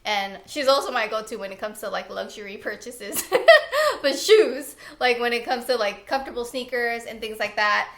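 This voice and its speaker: A young woman chatting excitedly about her favorite products, laughing often. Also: fairly high pitch, moderate pace. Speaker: lifestyle vlogger. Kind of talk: casual favorites chat. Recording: echoey room.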